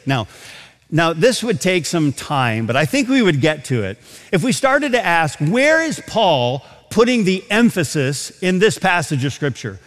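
A man's voice: a little high, very animated, a little slow, a bit bright, in a large hall. A man preaching a sermon in a large auditorium, reading scripture aloud and explaining it with emphasis.

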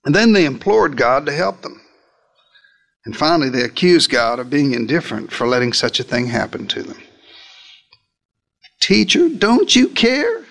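A man preaching a sermon, retelling a story in the first person with dramatic swings between loud emphasis and quiet asides. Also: medium pitch, fairly quick, gravelly. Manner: dramatic storytelling, speaking as a disciple.

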